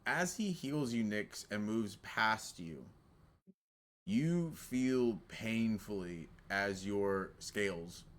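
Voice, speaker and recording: A man narrating as game master of a tabletop role-playing game, slow and descriptive, with casual asides. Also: lowish voice, animated.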